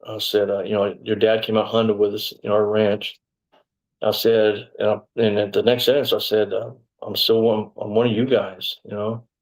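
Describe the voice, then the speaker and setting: A man's voice: on the low side, a little mellow, low-quality recording. Blunt, profane man telling a story. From Texas, USA. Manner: blunt and profane, bursts out when quoting himself. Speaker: interview guest. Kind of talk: storytelling in conversation.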